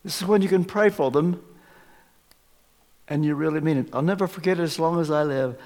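A man preaching a sermon at a live church service, emphatic, swinging from loud stresses to hushed asides. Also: on the high side, a little fast. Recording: long reverb of a large church.

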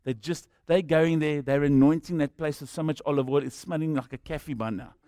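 A man's voice: a little high, fairly even intonation, brisk, warm tone, no room sound. A man with a South African accent preaching a sermon as a jokey storyteller who acts out the people in his stories.

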